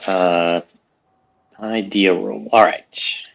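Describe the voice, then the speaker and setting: A man's voice: sits low, fairly even intonation, extremely slow, gravelly, fairly bright tone, dull audio. A man playing a tabletop game, talking casually with hesitant fillers. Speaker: player.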